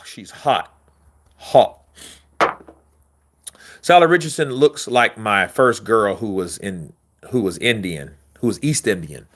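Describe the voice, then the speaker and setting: Animated, rambling man chatting with viewers. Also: mid-range voice. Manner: loose, profane, rambling street talk; answers viewer questions, acts out quotes with voice shifts. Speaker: boxing commentary host. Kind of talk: casual chat with viewers.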